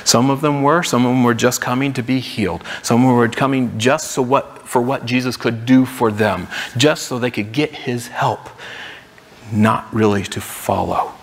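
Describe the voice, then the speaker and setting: A man's voice: medium pitch, normal speed, long reverb tail. A man preaching a sermon as pastor, in a conversational way, acting out what the crowds might say. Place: church sanctuary.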